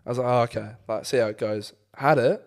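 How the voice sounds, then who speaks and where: A young man co-hosting a casual podcast chat, animated, swearing and laughing often. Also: medium pitch, fast. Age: young adult. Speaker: podcast co-host.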